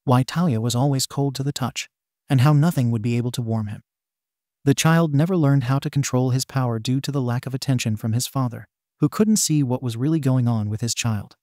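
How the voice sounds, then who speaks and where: A man narrating a fan fiction story in a steady storytelling manner. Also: medium pitch, a little fast, no echo, clean studio sound.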